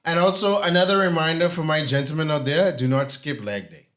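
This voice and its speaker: A man's voice: a little high, a little fast, a bit bright. A man co-hosting a casual podcast, cracking jokes and tossing in playful asides. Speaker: podcast co-host.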